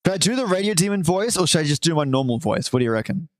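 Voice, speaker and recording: A man hosting a live stream, chatting casually and warmly with viewers and reading aloud, with the odd swear. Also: a little high, very animated, racing, no room sound. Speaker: livestream host.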